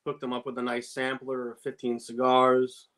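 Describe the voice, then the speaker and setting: A man co-hosting a relaxed cigar podcast in a middle-pitched voice. He speaks in short, easygoing answers. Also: moderate pace. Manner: laid-back, brief answers. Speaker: podcast co-host, tobacconist. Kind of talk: casual cigar podcast chat.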